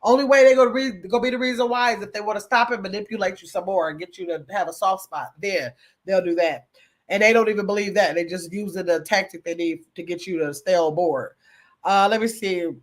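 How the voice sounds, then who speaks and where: A woman hosting a casual livestream, reading viewer comments aloud, chatty and quick to laugh. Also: medium pitch. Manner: chatty, laughs often, talks to chat as y'all. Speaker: livestream host.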